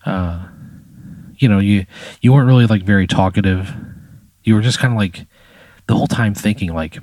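A man's voice: sits low, fairly quick, pauses often, darkish tone, no room sound. A man spinning an improvised story in a loose, casual way, swearing and saying "like" and "you know" a lot. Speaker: podcast storyteller.

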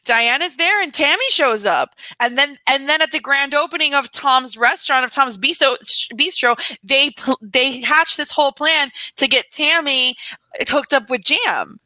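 A woman co-hosting a casual podcast, quick to chime in with details and giggling often. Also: sits high, bright, forceful tone, no room sound. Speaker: podcast co-host. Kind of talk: casual chat.

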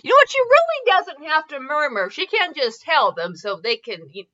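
A woman's voice: sits high, big pitch swings, normal speed, sharp tone. A young woman hosting a podcast, reading fan fiction aloud and mocking it with sarcastic, giggly asides and the odd swear. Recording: dull lo-fi audio.

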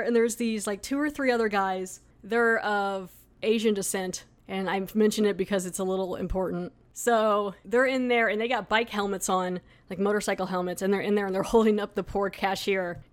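Woman rambling on her review podcast, lots of likes and ums, mid-pitch voice. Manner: chatty, rambling with many fillers. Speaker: podcast host.

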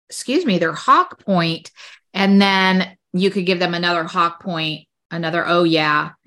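Teacher lady on a video call, bright voice, chatty, walks through the steps. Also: fairly low pitch. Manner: chatty, explains step by step with fillers. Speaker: podcast host and teacher. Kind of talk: casual explanation on a teaching podcast.

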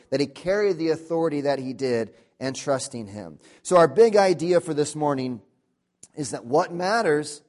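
Earnest, somewhat high-voiced male preacher. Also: darkish tone. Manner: earnest, emphatic preaching with rhetorical questions; repeats and rephrases key words for emphasis. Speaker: pastor. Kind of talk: sermon. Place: church.

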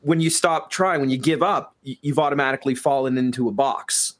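A man's voice: medium pitch, a little fast. A man co-hosting a podcast, talking earnestly with many restarts and "you know"s. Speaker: podcast co-host. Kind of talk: casual interview chat.

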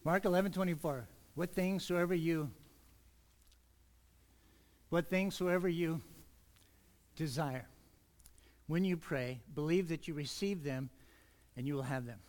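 A man preaching an earnest sermon in church, speeding up when he gets excited. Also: on the high side, measured pace, pauses often. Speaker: pastor.

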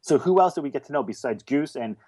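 A man co-hosting a podcast, arguing his view on a film in a casual, animated way. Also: medium pitch, quick pace, breathy edge. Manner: animated, opinionated. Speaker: podcast co-host.

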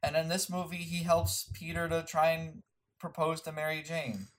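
A young man co-hosting a casual movie chat, relaxed and musing, often restarting his thoughts. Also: fairly high pitch, normal speed, a little hiss or hum.

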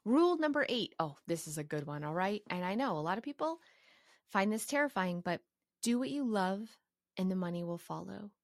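A passionate woman from Canada talks through her personal rules with animated energy and quick asides. Her voice sits in a middle register and is recorded close and dry, with no room sound. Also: medium pitch, no room sound. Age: adult with a young son. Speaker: organizing course creator. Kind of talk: casual advice monologue.

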